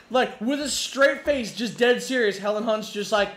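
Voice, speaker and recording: A man's voice: extremely high pitch, normal speed, pauses often. A man casually chatting while live streaming a game, telling stories with lots of swearing and laughter. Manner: profane, laughing, animated storytelling. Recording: roomy echo.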